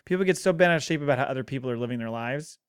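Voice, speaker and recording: A man's voice: mid-range voice, rapid-fire, smooth, no echo, studio quality. A man co-hosting a casual podcast chat, tossing in wry, sarcastic quips. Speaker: podcast co-host.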